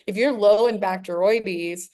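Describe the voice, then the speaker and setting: A woman's voice: mid-range voice, measured pace, warm tone. An American woman, a clinician, explaining her approach in an interview over a video call, with eager, detailed asides. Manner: enthusiastic, explanatory, nerdy asides. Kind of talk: conversational expert explanation.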